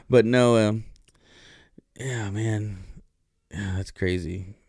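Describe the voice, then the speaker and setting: A man's voice: on the low side, creaky, darkish tone, dry recording, studio quality. A man hosting a podcast, talking in a loose, profane, rambling monologue full of fillers. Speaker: podcast host.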